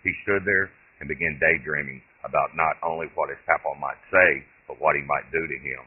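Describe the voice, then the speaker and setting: A man, the author, reading his own short story aloud in steady, plain storytelling. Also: extremely low pitch, fairly quick, husky. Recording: tinny lo-fi phone-like audio.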